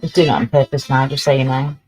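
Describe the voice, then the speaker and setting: A woman's voice: rumbling low, steady tone, fast talker, darkish tone, faint music behind, rough recording. A woman casually chatting on her livestream, swearing freely and scolding her cat as she talks. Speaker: livestream host.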